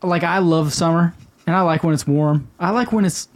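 A man's voice: fairly high pitch, normal speed. A man co-hosting a podcast, rambling and teasing in crude casual chat. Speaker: podcast co-host.

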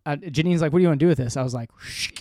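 Profane, ranting man with a high-ish voice. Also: rapid-fire, dry recording, studio quality. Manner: profane, defiant, animated ranting. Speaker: podcast co-host. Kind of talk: casual podcast chat.

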